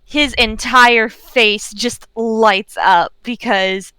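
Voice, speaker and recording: Woman game master, casual chatty narration, bright voice, dry close sound. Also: on the high side, lively intonation, clear, resonant tone, no echo. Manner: casual, chatty, quick asides.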